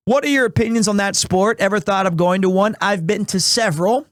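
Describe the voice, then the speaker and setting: A man in his thirties streaming live, chatting casually in a rambling, animated way with restarts, recovering from asthma and clearing his throat. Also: high voice, a little fast, no room sound, studio quality. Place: small home room.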